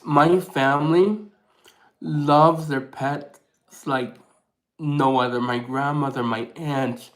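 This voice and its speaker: A man vlogging casually to camera, rambling with many restarts and fillers, softly sentimental in tone. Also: on the high side, low-quality recording.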